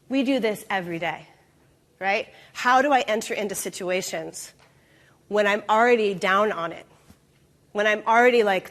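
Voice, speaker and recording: A woman giving a live talk at an expo, animated, acting out quoted voices and asking the audience questions. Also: on the high side. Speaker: expo speaker. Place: event stage.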